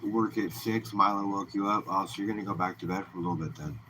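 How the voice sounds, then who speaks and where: A man's voice: low voice, quick pace, background noise. A man hosting a live stream, chatting casually and easygoing with viewers and greeting them by name.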